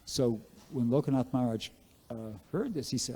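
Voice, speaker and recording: A man's voice: mid-range voice, lively intonation, normal speed, warm tone, slightly rough. A man giving a scripture class, telling devotional stories in a casual, rambling way with many fillers and restarts. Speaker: class speaker at a temple. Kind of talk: Bhagavatam class storytelling.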